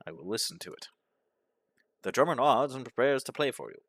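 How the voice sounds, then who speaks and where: A man narrating a game playthrough, reading its events aloud in a deadpan manner. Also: mid-range voice, a little fast, no echo. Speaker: gaming commentator.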